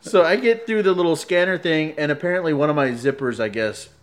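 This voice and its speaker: A man in a casual chat, telling a story in an animated way, laughing often and acting out quoted lines. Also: on the high side, brisk.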